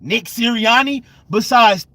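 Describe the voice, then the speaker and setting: A man venting on a live sports fan stream, exasperated and repeating himself, jumping from loud outbursts to low mutters. His voice sits high, and he drags out his words at an unhurried pace. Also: lively intonation, dry recording. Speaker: sports fan channel host.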